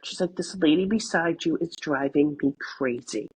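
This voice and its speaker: A woman's voice: low-pitched, normal speed, a little mellow, a little hiss or hum, rough recording. A middle-aged woman co-hosting a podcast, chatty and storytelling, laughing often and swearing casually. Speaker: podcast co-host. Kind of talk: casual chat.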